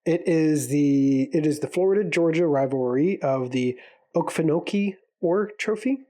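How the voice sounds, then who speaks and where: A man co-hosting a casual podcast, easygoing and quick to laugh, sometimes stumbling over words. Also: a little high, dark tone. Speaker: podcast co-host.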